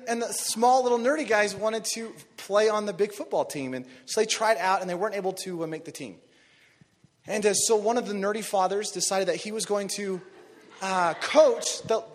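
A man preaching a sermon, telling a story with animated energy and rising to shouts on key phrases. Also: sits high, moderate pace. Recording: long reverb of a large hall.

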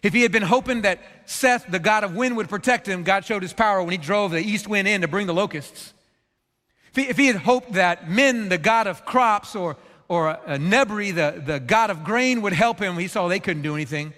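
Earnest pastor giving a sermon, a man with a high voice, in a reverberant hall. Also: moderate pace. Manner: earnest, animated storytelling, acts out quotes.

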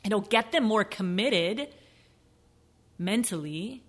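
A woman hosting a motivational sales podcast, animated, acting out excuses in a high mocking voice and sometimes dropping to a soft near-whisper. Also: takes it slowly. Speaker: podcast host, sales coach. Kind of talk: motivational solo podcast talk.

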